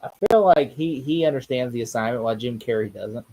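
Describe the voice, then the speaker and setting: A man in casual chat at a movie watch party, animated and argumentative, swearing freely. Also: mid-range voice, a little fast, low-quality recording.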